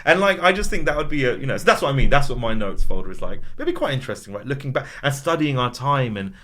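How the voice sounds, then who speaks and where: A man's voice: mid-range voice, big pitch swings, quick pace, fairly bright tone. A man in casual podcast chat as a guest, telling stories in a rambling way full of fillers. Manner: rambling storyteller, many fillers.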